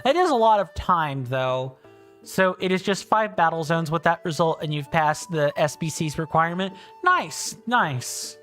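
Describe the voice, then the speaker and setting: A man's voice: on the high side, lively intonation, moderate pace, a bit bright, soft background music. A man in his thirties with a British-sounding accent, hosting a casual game livestream and reading chat in a rambling, friendly way full of fillers and restarts. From South Carolina, US. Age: 30s. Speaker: livestream host.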